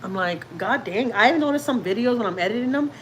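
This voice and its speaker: This woman speaks rapid-fire in a fairly high, lively voice, and the poor audio has a touch of hiss or hum. She's a family vlogger from Houston, Texas, casually chatting on a home livestream, rambling and ribbing herself while reading comments aloud.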